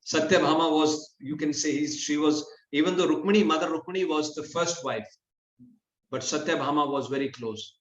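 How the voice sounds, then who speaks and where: A man's voice: on the high side, normal speed. A man telling a scripture story in a conversational class style, often restarting his sentences. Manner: conversational, with frequent restarts and lively acted quotes. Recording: dull, roomy lo-fi recording.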